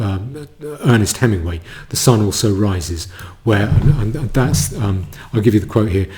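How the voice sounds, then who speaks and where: A man giving a solo commentary monologue, halting, with many stammered restarts. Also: fairly low pitch, mellow, a little hiss or hum.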